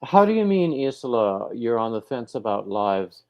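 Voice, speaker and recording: A man from coastal North Carolina hosts a casual crochet livestream, greeting viewers by name as they arrive. His speech rambles and halts, full of fillers and restarts, at a medium pitch with big pitch swings, in a dry, lo-fi recording.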